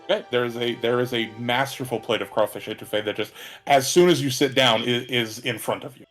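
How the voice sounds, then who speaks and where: A man narrating as game master, halting, with many ums and restarts. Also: mid-range voice, steady tone, fairly bright tone, faint music behind.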